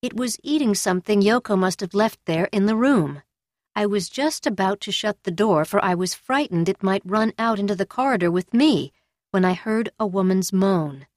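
A woman's voice: medium pitch, lively intonation, no room sound. Woman narrating a novel, dry close voice. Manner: measured, storytelling. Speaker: audiobook narrator. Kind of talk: scripted narration.

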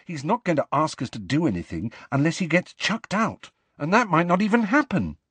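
A man reading aloud and voicing a guarded teenage boy in a quiet, subdued way. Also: on the high side, big pitch swings, brisk, breathy edge, no echo, pitched above the performer's own voice, full character voice. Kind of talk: audiobook character voice.

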